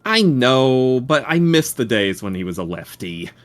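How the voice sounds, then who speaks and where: A man's voice: mid-range voice, sing-song, a little slow. A man hosting a live game stream, chatting casually, laughing often and sharing franchise trivia. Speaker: streamer host.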